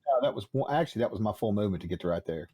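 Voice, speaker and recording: Male player, mellow tone, lively pitch, relaxed and curious. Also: rapid-fire, slightly rough. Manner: easygoing, asks questions about the rules. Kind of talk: casual tabletop play.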